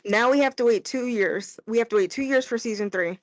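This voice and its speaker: A woman's voice: a little high, fairly quick, no echo, poor audio. A woman co-hosting a live anime commentary stream, talking in a heated, ranting way. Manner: heated and ranting, then apologetic.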